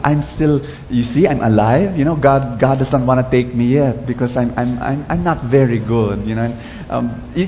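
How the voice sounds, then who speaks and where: In a church hall, a Filipino preacher tells stories during a sermon and has the congregation repeat after him. His voice is on the high side, with slight background noise, and the hall recording sounds dull and echoey.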